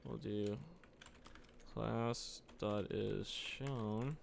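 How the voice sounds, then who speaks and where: A man talks through his code at a slow, halting pace, full of ums and half-finished thoughts. His low voice carries a gravelly fry. Keys clatter beneath him as he works. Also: fairly even intonation, slight background noise. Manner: thinks aloud while typing, slow with fillers, mutters to himself. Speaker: live coding streamer. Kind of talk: live coding stream. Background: keyboard typing and clicks.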